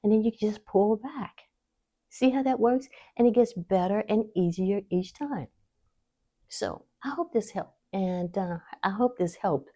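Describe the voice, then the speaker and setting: A woman hosting a faith-based wellness talk, speaking straight to her viewers in an encouraging, teaching way and laughing easily. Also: unhurried. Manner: warm encouraging teaching, lively pitch swings, laughs easily. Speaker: host.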